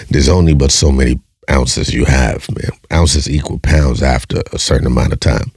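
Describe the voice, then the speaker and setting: Deep raspy dude ranting on his podcast, lots of "right?" questions, dry mic. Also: a little mellow, no room sound. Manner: blunt, profane, preachy; rhetorical questions, repeats himself. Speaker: podcast host. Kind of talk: casual monologue.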